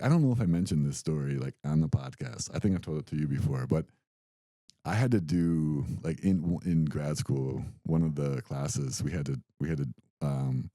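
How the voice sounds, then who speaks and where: A man's voice: very deep voice, no room sound. A young adult man co-hosting a podcast, telling a story in casual chat and acting out the quotes. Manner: animated storytelling, acts out quotes. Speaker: podcast co-host.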